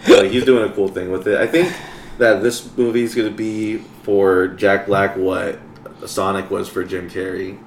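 A man's voice: low-pitched, level tone, normal speed, reverberant, a little hiss or hum. A man co-hosting a podcast, chatting casually and laid-back, swearing and laughing often. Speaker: podcast co-host. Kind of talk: casual chat.

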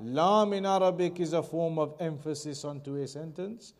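A man teaching a Quran commentary lesson, reading passages quickly in Arabic, then explaining them slowly in English with repetition. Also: fairly high pitch, fairly even intonation. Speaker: Islamic teacher.

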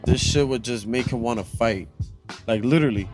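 A man chatting casually with friends, an animated storyteller who acts out quotes in loud voices. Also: medium pitch, a little fast, music in the background. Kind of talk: casual group chat.

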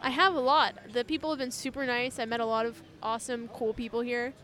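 A woman speaks as a cosplay guest at a convention booth. She is playful and dry, answering with teasing jokes and deadpan remarks. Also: fairly high pitch, quick pace. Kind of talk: casual convention interview.

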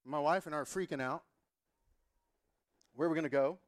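A man's voice: on the high side, a little fast. A man in his thirties, a pastor telling a humorous story in a sermon and acting out the dialogue. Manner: animated, humorous, acts out dialogue.

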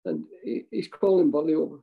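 A man's voice: fairly high pitch, wildly swooping pitch, a little fast, vocal fry, phone-quality sound. An older man with a Scottish accent, a former football manager telling rambling anecdotes with chuckles and restarts. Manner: chuckling, rambling with restarts, acts out voices in quotes. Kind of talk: anecdotal storytelling.

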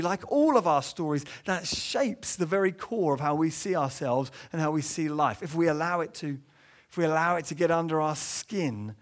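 An earnest man preaching a sermon in church, his voice sitting a little high for a man. He rises sharply when voicing quoted thoughts and sinks low and quiet to press home a point. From England.

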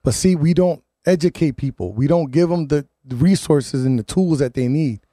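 A man's voice: a little high, normal speed, warm tone, no echo. A man hosting a live talk radio show, ranting and restarting his words often as he reads listener comments and programming notes in the studio.

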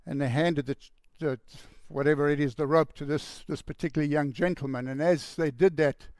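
A man telling a story in a sermon with a gravelly voice, earnest, and dropping to a hushed voice for the quoted lines. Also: fairly high pitch, fairly even intonation, moderate pace, dry recording, studio quality. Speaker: preacher.

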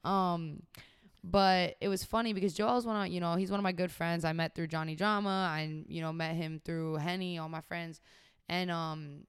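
A young woman of about twenty-one, a podcast guest telling her story in a casual conversation, animated and full of "like" and "you know". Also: fairly low pitch, normal speed, smooth. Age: young adult, about 21.

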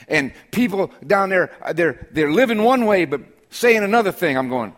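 Pastor preaching with conversational humor. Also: male voice, on the high side, expressive, moderate pace, hardly any pauses, fairly bright tone. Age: middle-aged. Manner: conversational storytelling with humor, rising to emphatic declarations. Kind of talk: sermon. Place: church sanctuary during a service.

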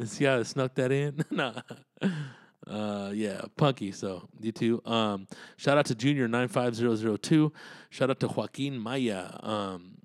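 A man's medium-pitched voice comes a little slowly through a dry, studio-quality recording. The comedian hosts his own podcast, drifting through a loose monologue full of profanity and street slang.

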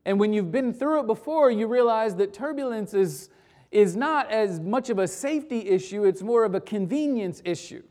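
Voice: medium pitch, lively intonation, moderate pace, a little mellow. Pastor preaching a conversational sermon. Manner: conversational storytelling with frequent restarts. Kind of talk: sermon with prayer and anecdote.

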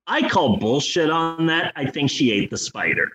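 Sarcastic, profane podcast co-host, high and animated, roasting a movie. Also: male voice, normal speed, slight background noise, poor audio. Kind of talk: casual movie review chat.

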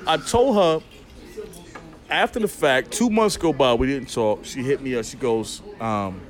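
Animated man telling a story. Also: mid-range voice, measured pace, soft background music. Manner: animated, profane, acts out dialogue. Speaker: podcast guest. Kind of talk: casual storytelling.

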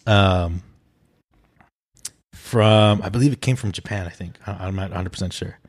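A man's voice: low-pitched, moderate pace, dry recording, studio quality. A man hosting a casual podcast, laid-back and profane, often restarting his sentences. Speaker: podcast host.

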